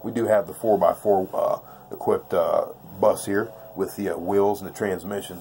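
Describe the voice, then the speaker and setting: A lowish male voice talks through a craps throw in loose, slangy, repetitive chat. He is blunt and intense, with a faint hum of room noise behind him. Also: fairly even intonation, normal speed, hardly any pauses, warm tone. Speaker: craps dice-control instructor. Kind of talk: casual tabletop tutorial. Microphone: off-camera voice, face never shown.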